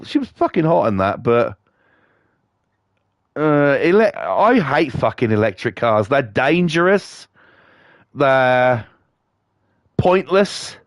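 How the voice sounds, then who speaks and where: A man's voice: a little high, dry recording, studio quality. Blunt, foul-mouthed British man ranting. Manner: profane, blunt, scornful. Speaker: livestreamer. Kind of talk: ranting stream chat.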